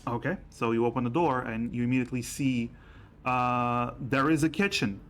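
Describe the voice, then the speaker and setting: A man narrating a tabletop game as game master, halting and restarting with many fillers. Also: medium pitch, fairly even intonation, a bit bright.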